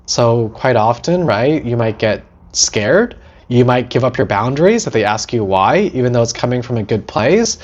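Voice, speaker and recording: Man host, animated teaching talk, acts out quoted lines, mid pitch, slightly dull lo-fi sound. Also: moderate pace. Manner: animated, acts out short quoted lines, keeps asking "right?".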